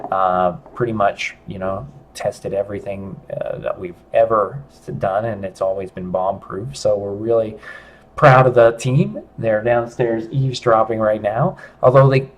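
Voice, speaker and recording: Middle-aged male host, somewhat low voice, casual rambling livestream delivery with frequent restarts. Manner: rambling, halting, with many restarts. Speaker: studio founder hosting a livestream chat.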